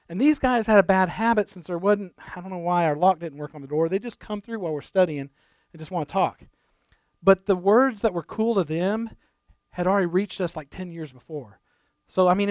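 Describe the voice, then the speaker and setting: Man preaching a sermon, high clear voice, dry close sound, chatty storytelling. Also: no room sound. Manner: conversational storytelling with asides. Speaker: pastor. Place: church.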